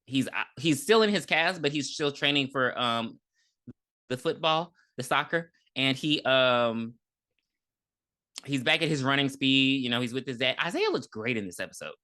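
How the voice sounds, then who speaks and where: A man's voice: mid-range voice, expressive, bright, forceful tone. A man co-hosting a podcast, recapping an episode in casual, joking chat with lots of ums and laughter. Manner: loose, joking, quick to laugh, many ums. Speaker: podcast co-host.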